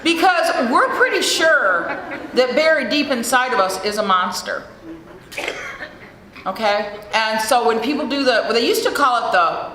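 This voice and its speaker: Standing at a podium mic in a big, echoey hall with faint room noise, a middle-aged American woman gives a blunt recovery talk full of profanity. Her voice is on the high side and expressive, with a sharp tone and a measured pace.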